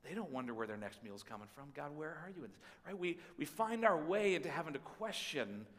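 A man preaching a sermon, voicing prayers aloud and swinging between pleading and hushed tones, often repeating words as he goes. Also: on the high side, big pitch swings, brisk, in a large hall. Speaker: pastor.

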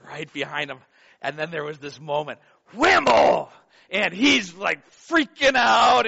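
Male pastor, 40s, sermon delivery, bright tone on a dull lo-fi recording; swings from hushed to loud. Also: sits high, lively intonation, unhurried, vocal fry, slightly rough. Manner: swings from hushed intimacy to loud acted-out storytelling.

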